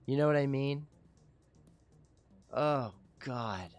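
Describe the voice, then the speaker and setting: A man's voice: medium pitch, slow pace, darkish tone, clear, resonant tone, soft background music. A man hosting a casual livestream talk show, rambling, profane and self-mocking.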